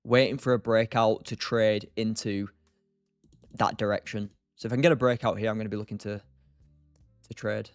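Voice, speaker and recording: This young man hosting a day-trading livestream has a fairly low pitch and a flat delivery, speaking at a moderate pace with long pauses. Still chatty and quick to laugh, he reads the chat and answers people by name in a casual stream conversation. His close mic is dry with no room sound, with faint background music.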